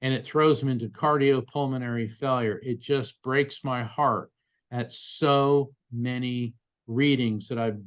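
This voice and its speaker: A male guest, a psychic medium, tells lively stories and talks earnestly during a conversational interview. His pitch sits in the medium range.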